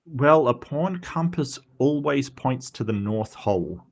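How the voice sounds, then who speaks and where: An Australian man hosting a stream, chatting casually and reading posts aloud, animated with lots of fillers and restarts. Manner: animated, quick pitch jumps, frequent fillers and restarts. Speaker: streamer host.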